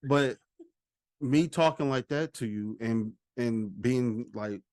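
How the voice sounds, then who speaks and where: A man, talking casually on a podcast about his marriage and acting out quoted dialogue in a relaxed way. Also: medium pitch, slow pace. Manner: relaxed storytelling with quoted dialogue, laughs often. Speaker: co-host, husband.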